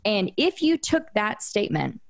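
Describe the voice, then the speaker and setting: A woman hosts a casual interview conversation, speaking at a mid-range pitch. She thinks aloud, circling back with restarts and filler words as she works toward her point. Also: big pitch swings, normal speed, creaky. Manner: reflective, frequent restarts and fillers. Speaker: podcast host.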